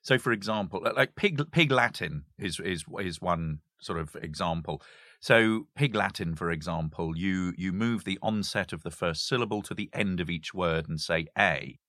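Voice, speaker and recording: A man's voice: low-pitched, normal speed, no room sound, clean studio sound. A man, a history professor, talking casually about language games with lots of restarts and giggles. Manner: animated, giggly, hesitant restarts. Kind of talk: casual conversation.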